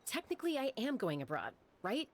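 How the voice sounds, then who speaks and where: An actress voicing a calm, stubborn young woman who answers in a dry, matter-of-fact way in a video game cutscene. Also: a little high, a little fast, a little hiss or hum.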